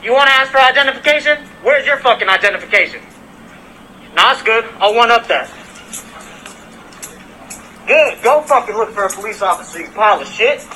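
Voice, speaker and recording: A man's voice: very high-pitched, lively intonation, a little fast, long pauses, sharp tone, a little hiss or hum, poor audio. A man in a heated, profane confrontation outdoors on a residential street, filming on his phone. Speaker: delivery worker.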